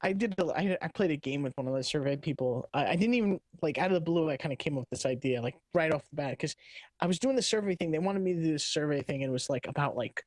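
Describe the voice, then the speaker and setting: A man's voice: on the high side, animated, fast, darkish tone, no echo. A man co-hosting a casual late-night tech podcast, rambling through a story with frequent restarts and laughter. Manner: rambling, restarts sentences often, laughs while telling stories. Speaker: podcast co-host.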